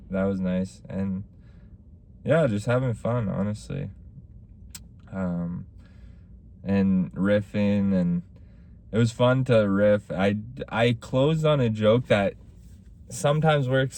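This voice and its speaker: A man's voice: fairly low pitch, warm tone. A young man hosting a casual solo podcast, rambling through stories about his stand-up shows and acting out what people said. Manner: rambling storytelling with acted-out quotes. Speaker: podcast host; stand-up comic.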